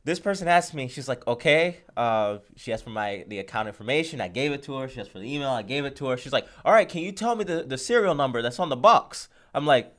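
Male podcast host, casual storyteller who acts out the dialogue, average-pitched voice. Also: quick pace, hardly any pauses. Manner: animated retelling, acts out phone calls, laughs often.

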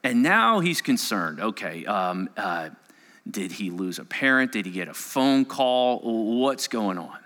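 A male pastor preaching a sermon, telling a story that swings between hushed moments and raised, urgent passages. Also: fairly low pitch, very animated, unhurried. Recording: long hall reverb.

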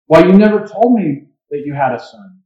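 A man's voice: fairly high pitch, animated, normal speed, voice pushed up, close to an everyday voice. A man reading a pleading missionary. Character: pleading male missionary, humble and eager. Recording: dull echoey church recording.

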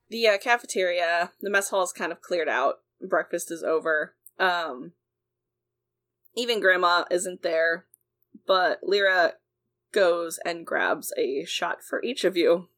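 A woman's voice: lowish voice, a bit bright. A woman running a tabletop role-playing game as game master, narrating scenes with easy fillers.

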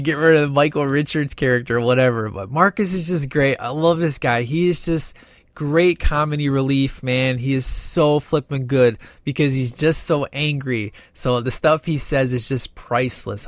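A man's voice: mid-range voice, no echo, studio quality. A man giving a casual, opinionated spoken movie review, rambling with many fillers and restarts.

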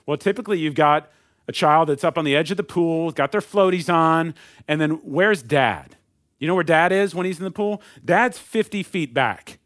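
A man's voice: a little high, normal speed, a bit bright, dry recording, studio quality. A man preaching a sermon in a conversational way, asking the congregation questions and acting out the voices of people. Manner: conversational preaching with rhetorical questions and acted asides. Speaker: pastor.

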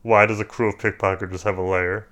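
A man's voice: lowish voice, flat delivery, fast, a bit bright. A man co-hosting a casual movie review podcast, rambling and joking with many fillers. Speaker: podcast co-host.

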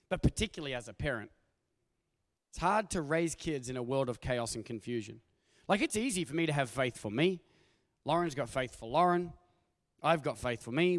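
A man's voice: a little high, moderate pace. Aussie pastor guy, middle-aged, preaching, acts out voices in his stories, long hall echo. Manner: animated storytelling with acted-out voices. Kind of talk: sermon. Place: church auditorium. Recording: long hall reverb from a church.

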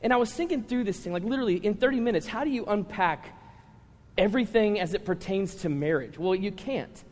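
A male pastor preaches with lively, humorous storytelling and often turns to address the room. His voice sits high for a man. The live recording carries a long, ringing reverb from the church hall. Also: a little fast. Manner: animated storytelling with humor, talking to the congregation. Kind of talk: sermon. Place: large church hall with congregation.

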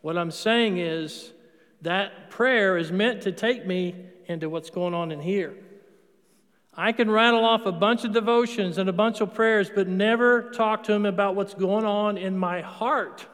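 High-voiced middle-aged man preaching in a hall. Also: unhurried, a bit bright. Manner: conversational, storytelling, with emphatic punches. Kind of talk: sermon. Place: church sanctuary. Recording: long reverb of a large hall.

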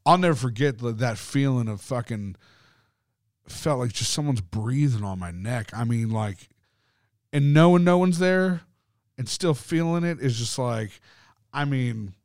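A man co-hosting a podcast in casual conversation, swearing freely as he rambles through a story with plenty of fillers. His voice sits at an ordinary middle pitch. The sound is dry, with no room echo. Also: animated, a little slow, pauses often, darkish tone. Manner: profane, rambling, lots of fillers. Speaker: podcast co-host.

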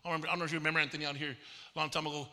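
A male pastor preaching in a big conference hall, his voice pitched high for a man and strikingly bright and forceful. His delivery is animated, and he slips into the voices of the people in his stories. A long reverb trails every phrase. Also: rapid-fire. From Texas. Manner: animated storytelling, acting out quoted voices. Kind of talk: conference sermon.

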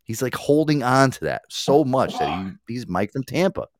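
Male podcast host, casual chat, animated pitch, cursing and laughing, dry close sound. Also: moderate pace, dry recording. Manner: laughing often, swearing, loose and chatty.

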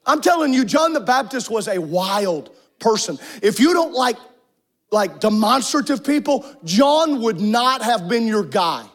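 A man preaching a fervent sermon in a church, emphatic, shouting and sliding into a half-sung cadence. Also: very high voice, very animated, a little slow.

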